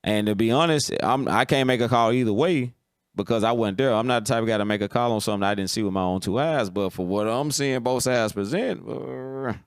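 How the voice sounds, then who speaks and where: A man with a smooth, mid-range voice talks briskly while hosting a casual football stream, blunt and full of opinions. He keeps asking "you understand?" in this sports commentary, recorded dry with no room echo.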